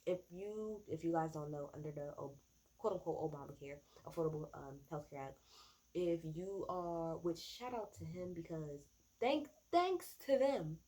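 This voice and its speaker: A woman in her twenties giving a casual, opinionated recap of a debate, sarcastic and swearing, breaking into loud outrage. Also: deep voice, animated, normal speed. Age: 20s. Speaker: political commentator.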